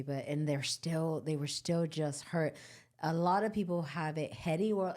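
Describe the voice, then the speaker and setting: Woman, low voice, podcast host, earnest, reflective, addresses listeners. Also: steady tone, moderate pace, a little mellow. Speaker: podcast host and course creator. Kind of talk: casual podcast conversation.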